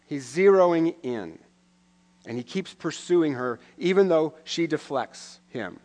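Middle-aged guy preaching, kinda high voice, chatty sermon with dry jokes. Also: big pitch swings, unhurried. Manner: conversational preaching with wry asides. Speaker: pastor.

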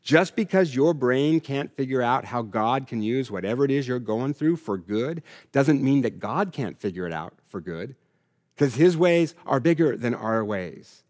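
Male pastor, earnest preaching, mid-pitched voice, echoing hall. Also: animated, normal speed, few pauses, darkish tone. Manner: earnest, emphatic preaching with repeated refrains. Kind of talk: sermon.

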